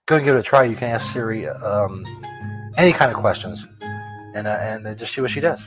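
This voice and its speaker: Dude playing chill stoner jesus, deadpan and rambly, patient explainer. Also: male voice, lowish voice, a little fast, faint music behind, lightly acted, rough recording. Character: laid-back stoner Jesus, adult man. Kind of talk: comedy sketch.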